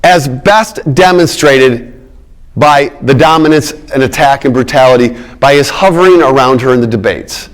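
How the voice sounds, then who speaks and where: A man's voice: mid-range voice, normal speed. A middle-aged man giving a public lecture on politics, emphatic, repeating his key words and checking in with the audience.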